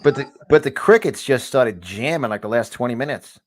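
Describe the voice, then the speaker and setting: A podcast host with a New York accent, talking in a rambling, fired-up way from a large studio. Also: male voice, mid-range voice, lively intonation, brisk, slight background noise. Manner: rambling, fired up, repeats words. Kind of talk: animated talk-show chat.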